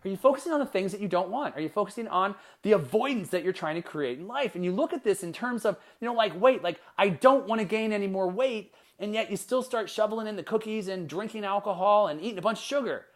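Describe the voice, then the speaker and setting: A man's voice: high-pitched, animated, quick pace, few pauses. A man hosting his own motivational podcast, talking with punchy energy and firing off repeated rhetorical questions. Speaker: podcast host and life coach.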